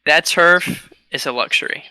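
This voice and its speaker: A young man co-hosting a podcast, chatting casually and telling lively stories with frequent laughter. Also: a little high, moderate pace, clear, resonant tone, dry recording. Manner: animated storyteller, laughs often. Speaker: podcast co-host. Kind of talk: casual chat.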